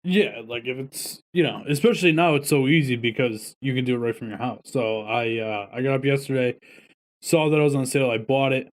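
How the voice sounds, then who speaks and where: A man with a mid-range voice co-hosts a casual podcast. He talks in a relaxed, offhand way. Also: medium pitch, fairly quick. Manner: laid-back, offhand. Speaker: podcast co-host. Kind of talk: casual chat.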